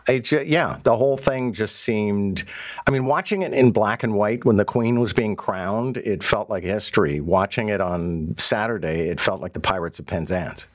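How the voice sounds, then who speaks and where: Wry male radio host, lowish voice. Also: normal speed. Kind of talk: radio interview hosting.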